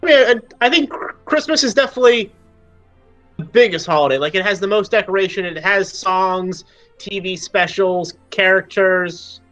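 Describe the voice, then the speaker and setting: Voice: medium pitch, normal speed, fairly bright tone. Young cohost rambling on earnestly, voice creeping up, faint music. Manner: earnest, rambling, voice rising as he goes. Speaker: podcast co-host. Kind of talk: casual chat.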